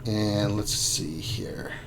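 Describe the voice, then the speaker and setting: A man hosting a casual gaming livestream, playful and excitable, teasing his co-host. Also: fairly low pitch, extremely slow, noisy background.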